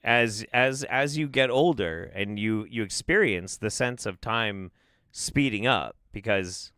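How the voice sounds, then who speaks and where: A man's voice: lowish voice, takes it slowly, sharp tone, smooth, dry recording, clean studio sound. A man hosting a casual livestream, sarcastic, swearing and laughing often. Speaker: host.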